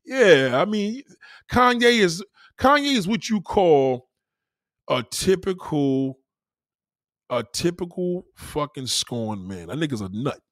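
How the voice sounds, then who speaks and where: Brief: profane New man hosting a podcast, a lively up-and-down voice, dry close mic. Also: fairly high pitch, slow pace, no room sound. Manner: animated, profane, laughing asides. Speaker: podcast host. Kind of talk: crude comedic rant.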